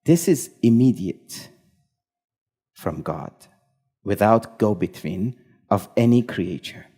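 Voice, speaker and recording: A man telling a story at a live event, speaking in measured, short phrases. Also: on the low side, expressive, warm tone, breathy edge.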